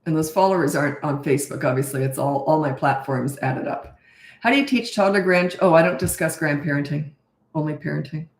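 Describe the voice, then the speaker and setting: A woman's voice: low voice, a little fast, roomy sound. A woman in her sixties, a parenting coach answering viewer questions in a frank, conversational live-stream Q&A. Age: 60s.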